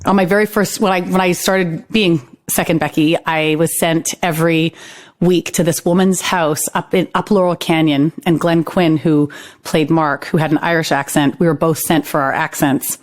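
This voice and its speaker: A woman's voice: low-pitched, steady tone, moderate pace. A middle-aged Canadian woman with a Canadian accent, guesting on a podcast from home and telling stories in a chatty, self-deprecating way. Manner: chatty storyteller, self-deprecating, laughs often. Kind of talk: casual interview chat. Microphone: standing at a home microphone, remote.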